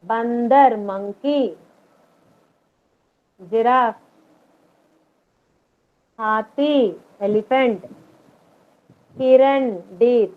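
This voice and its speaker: A woman teaching a kindergarten class online, slowly and patiently repeating each word for the children to echo. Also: high voice. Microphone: video call. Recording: tinny video call audio.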